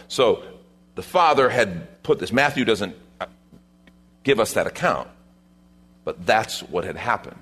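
Husky-voiced man preaching casually. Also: lowish voice, animated, unhurried, pauses often, a bit bright. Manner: conversational preaching with asides to the congregation. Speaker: pastor. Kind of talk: sermon.

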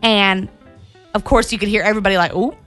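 A woman's voice: mid-range voice, steady tone, fast, a bit bright, faint music behind. A young woman co-hosting a casual morning radio show, telling a family story in a chatty, emotional way.

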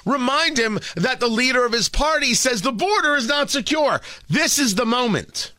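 A man hosting an opinionated talk radio commentary, emphatic and animated, with hesitant fillers. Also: extremely high pitch, moderate pace, hardly any pauses, dry recording.

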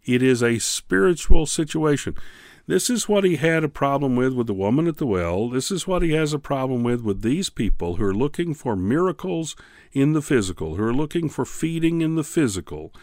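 A man teaching a Bible class on the radio, preaching in a fervent, pleading way with slow, emphatic pauses. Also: medium pitch, darkish tone, dry recording, studio quality. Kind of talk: radio sermon.

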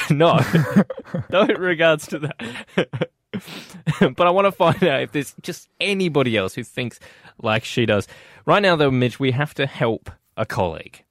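A man co-hosting breakfast radio, his pitch jumping around as he jokes. He sounds playful and laughs easily, recorded close on a dry studio mic. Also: a little slow, no echo. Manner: playful, laughs often, lively. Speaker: radio co-host. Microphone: studio microphone.

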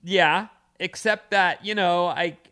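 A male radio co-host with a bright, forceful voice that sits a little high. He chats loosely, reading out odd news items and riffing on them with his partner. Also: fairly even intonation, slow. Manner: chatty, reads out news stories. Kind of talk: casual chat.

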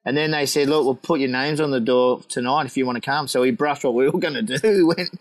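A fast-talking Australian man with a mid-range voice tells rowdy stories in casual chat, captured in a low-quality recording. He's animated, swearing and laughing as he acts out what people said.

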